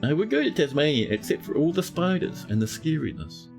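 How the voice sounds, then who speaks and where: A man's voice: a little high, sing-song, brisk, creaky, over music. A man with a New Zealand accent, casually commentating his game stream with playful, mock-dramatic teasing and a soothing voice.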